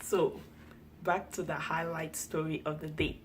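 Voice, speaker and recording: Animated young Cameroonian woman telling a story. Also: sits low, a little slow, slight background noise. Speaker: vlogger. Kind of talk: storytime vlog.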